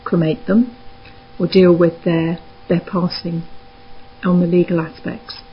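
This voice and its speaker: A woman with a Surrey accent, a spiritualist minister speaking calmly and soothingly as a guest on a radio interview. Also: lowish voice, a little slow, slight background noise. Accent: Surrey English. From England. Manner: soft, calm, soothing, chuckles often. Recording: dull lo-fi radio call.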